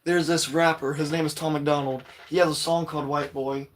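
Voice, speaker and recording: A man hosting a casual livestream, greeting viewers and rambling excitedly about shows and quotes, with a voice still a little hoarse. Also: a little high, brisk, noisy background. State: voice slightly hoarse, recovering. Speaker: livestream host reading chat.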